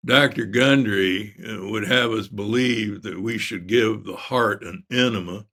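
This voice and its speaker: A grand old surgeon, as a man puts him on, drawling slow in a Texas accent with a bright, forceful ring on top of a low voice. he sounds pompous and mocking, every word is stretched out for show. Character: older male Texan surgeon, mocking and grand.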